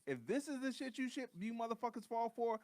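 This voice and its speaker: A man co-hosting a comedy podcast, talking in a heated, profane, animated rant. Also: very high-pitched, a little fast, dry recording. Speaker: podcast co-host. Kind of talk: casual comedic chat.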